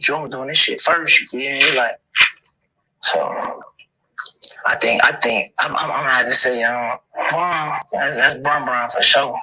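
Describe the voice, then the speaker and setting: A man's voice: medium pitch, pushed and bright, low-quality recording. A man being interviewed, talking in a laid-back, rambling way with constant slang fillers. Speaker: interview guest. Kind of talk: casual street interview.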